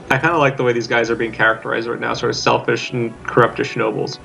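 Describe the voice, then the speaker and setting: A man talks his way through a game in easy, rambling commentary, thinking aloud as he goes. His voice sits at an ordinary middle pitch. Quiet game music plays underneath. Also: little pitch movement, fast talker, creaky, few pauses, lo-fi sound. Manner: chatty, musing, often reads game text aloud. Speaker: let's play commentator.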